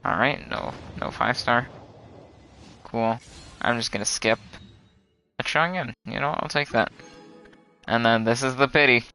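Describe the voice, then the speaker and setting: A young man streaming a game live, chatting casually and groaning loudly when his luck turns bad. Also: mid-range voice, unhurried, long pauses, soft background music, low-quality recording.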